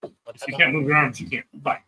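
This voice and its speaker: A man's voice: medium pitch, fairly even intonation, a little fast, sharp tone, poor audio. A man running a tabletop game as game master, blunt and given to swearing.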